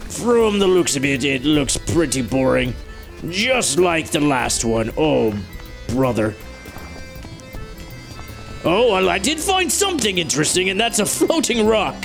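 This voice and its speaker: A young gaming YouTuber plays a survival game, offering jokey, self-mocking let's-play commentary that's animated, with playful pitch swings. He speaks a little slowly with vocal fry, over soft background music.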